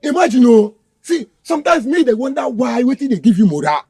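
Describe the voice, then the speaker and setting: A violent, contemptuous kidnapper, played by a man, snarling threats in Nigerian Pidgin English. His voice is high and husky and leaps around in pitch. The sound is dry and close. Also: sing-song, quick pace, mellow, no echo, full character voice. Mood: mocking. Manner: threatening, barking orders, Pidgin slang. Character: menacing male kidnapper thug, violent and contemptuous. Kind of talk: Nollywood film acting.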